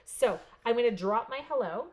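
A woman's voice: a little high, lively intonation, normal speed. A woman from Canada who chats playfully with viewers while she demonstrates a paper craft project step by step. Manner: chatty, playful, talks straight to viewers. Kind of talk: live crafting demo chat.

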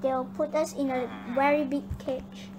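A young girl hosting her gaming channel, chatting excitably and bossing her teammate around. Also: sits high, unhurried. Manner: excitable, chatty, bossy toward her partner. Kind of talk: casual gameplay chat. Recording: noisy home recording.

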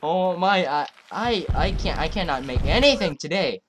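A woman's voice: lowish voice, normal speed, a little hiss or hum. A woman commenting on her own gameplay as she plays, exclaiming often and talking to herself in frustration. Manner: excitable, exclaiming, frustrated self-talk. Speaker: let's play host.

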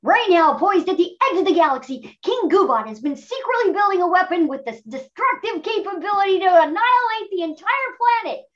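A woman's voice: very high-pitched, lively intonation, brisk, few pauses, lo-fi sound, pitched above the performer's own voice. A woman doing a pompous boy genius hero. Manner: grand, self-important declaring.

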